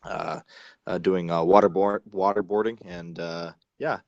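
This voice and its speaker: Low-voiced canadian man, lots of uh's, dry close mic. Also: fairly even intonation, gravelly, darkish tone, dry recording, lo-fi sound. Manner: halting, many uh fillers and restarts. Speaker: guest wrestler. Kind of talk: casual interview chat.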